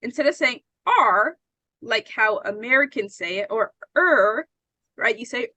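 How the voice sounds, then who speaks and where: A woman's voice: fairly high pitch, lively intonation, a little slow, bright, forceful tone, dry recording, poor audio. A woman teaching an English pronunciation lesson, patient and often checking that her students understand.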